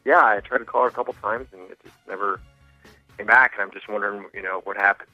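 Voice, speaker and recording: A man's voice: lowish voice, steady tone, fast talker, sharp tone, no echo, faint music behind. Hesitant man on a tinny phone line. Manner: hesitant, many ums and restarts. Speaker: caller. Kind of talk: phone call into a radio show.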